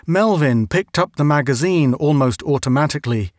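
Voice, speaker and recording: A man narrating a story in a measured, even reading. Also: fairly high pitch, no room sound, clean studio sound. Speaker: audiobook narrator. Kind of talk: scripted narration.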